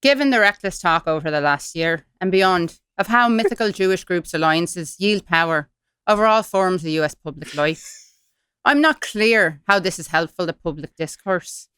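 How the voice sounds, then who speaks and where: A woman's voice: on the low side, expressive, moderate pace, a bit bright, clean tone, dry recording, clean studio sound. A woman putting on an Irish accent to read out a stern male editor's formal letter. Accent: put-on Irish. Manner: mock-formal, reading aloud.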